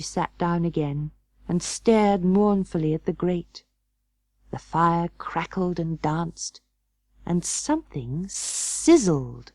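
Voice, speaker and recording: A woman narrating a children's storybook in a gentle, measured way. She reads unhurriedly, with a lively, expressive lilt that rises and falls through each sentence. The recording is close and dry. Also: on the low side, no room sound. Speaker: audiobook narrator.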